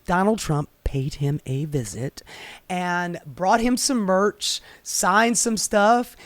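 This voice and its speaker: A man's voice: high voice, slow pace, fairly bright tone, dry recording. A man hosting a sarcastic, profane political commentary, ranting and mocking. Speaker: commentary host.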